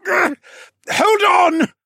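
A man voicing an eager, roguish young male adventurer sidekick who talks in an excitable, shouty way. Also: normal speed, dry recording, studio quality, heavily acted. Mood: urgent shouting. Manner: excitable, shouty, high-pitched. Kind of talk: audiobook character voice.

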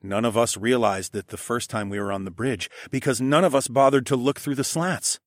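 Expressive male fantasy audiobook narrator. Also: medium pitch, fairly quick, no echo, clean studio sound. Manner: expressive, drops to a hush for tags.

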